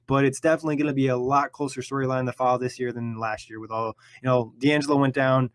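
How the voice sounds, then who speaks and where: A man hosting a casual sports podcast, easygoing and quick to laugh. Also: medium pitch, fairly even intonation, clear, resonant tone, no room sound. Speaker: podcast host.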